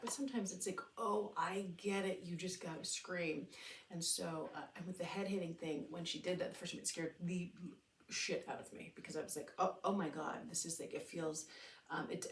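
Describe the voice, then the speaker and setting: A woman's voice: on the low side, roomy sound, recorded from a distance, slight background noise. A woman in her thirties hosting a podcast, talking candidly and rambling in a casual way, swearing now and then. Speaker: podcast host. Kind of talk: casual solo podcast talk.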